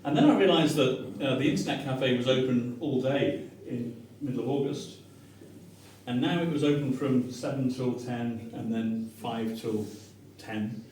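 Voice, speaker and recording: A man's voice: medium pitch, unhurried, a little hiss or hum. A middle-aged English man with a Manchester accent, giving a humorous storytelling talk to an audience and acting out the voices he quotes. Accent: Mancunian English. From Manchester, England. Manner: animated, self-mocking, acts out quoted voices. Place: restaurant dining room with an audience. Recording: echoey room from far off.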